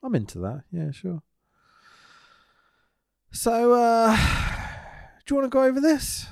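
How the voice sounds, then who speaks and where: A man's voice: extremely high pitch, very animated, slow pace, creaky, dry recording, studio quality. A man co-hosting a podcast, recapping wrestling in sweary, sarcastic casual chat and laughing often. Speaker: podcast co-host.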